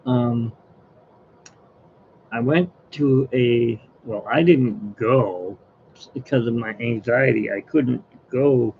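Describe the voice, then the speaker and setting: A man's voice: mid-range voice, gravelly, phone-quality sound, slight background noise. A man who hosts an art livestream, chatting in a rambling, opinionated way. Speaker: artist, livestream host. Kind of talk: casual livestream chat.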